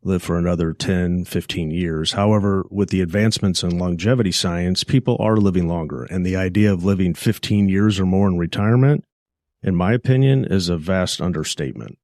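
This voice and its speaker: Deep-voiced man hosting a finance podcast. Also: brisk, darkish tone, no room sound, clean studio sound. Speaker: podcast host, financial advisor. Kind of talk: scripted podcast monologue.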